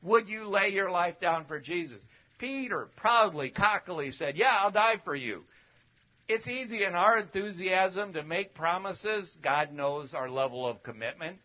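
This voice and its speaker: A man preaching a sermon in a conversational way, asking rhetorical questions and swinging from loud emphatic bursts to quiet asides. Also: a little high. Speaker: preacher teaching a Bible lesson. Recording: dull lo-fi recording.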